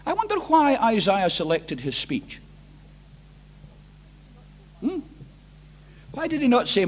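A man with a strikingly high voice preaches a sermon at an unhurried pace. He leans on his words earnestly, repeats key phrases for weight, and puts pointed questions straight to his listeners. His pitch swings freely as he drives each point home. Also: huge pitch swings. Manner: addresses listeners directly with questions. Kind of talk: evangelistic sermon.

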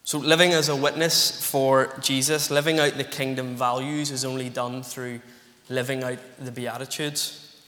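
A man's voice: medium pitch, little pitch movement, normal speed, pushed and bright, in a large hall. A Northern Irish man preaching an earnest, emphatic expository sermon to his church congregation. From Northern Ireland. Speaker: pastor.

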